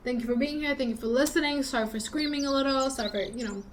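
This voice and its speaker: A woman vlogger giving earnest advice straight to her viewers, pleading and repeating herself, at times rising to loud urgency. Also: high-pitched, fast talker, a little hiss or hum. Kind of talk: direct-to-camera advice talk.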